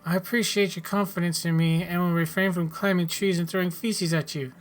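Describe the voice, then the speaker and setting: A man's voice: high voice, steady tone, fairly quick, soft background music, natural voice. A man doing a polite Canadian greenhorn. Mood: dry. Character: polite male Canadian settler, bookish greenhorn.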